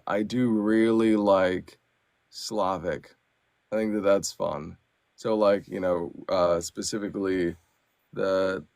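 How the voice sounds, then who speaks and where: A man who narrates audiobooks talks on a podcast in a low, gravelly voice. He's animated and loose, full of fillers. The sound is dry and close, with no room around it. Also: no room sound. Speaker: audiobook narrator and actor, guest. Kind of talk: casual podcast chat.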